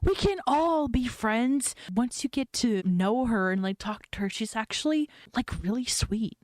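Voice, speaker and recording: A woman's voice: a little high, lively intonation, unhurried, a little mellow, no room sound. A woman playing a laid-back teenage stoner girl in a tabletop role-play, rambling easily with lots of fillers. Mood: confessing.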